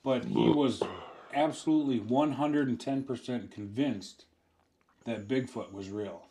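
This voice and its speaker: A man's voice: medium pitch, measured pace, mellow, slight background noise. Laid-back man telling a story. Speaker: co-host. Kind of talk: casual chat and anecdote telling.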